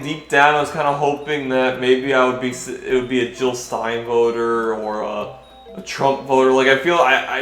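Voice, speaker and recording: A man's voice: medium pitch, fairly bright tone. Rambling young man over game music. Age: young adult. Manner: hesitant, full of restarts and fillers, swearing when irritated. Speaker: gaming vlogger. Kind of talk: rambling commentary over gameplay. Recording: roomy echo with faint game music.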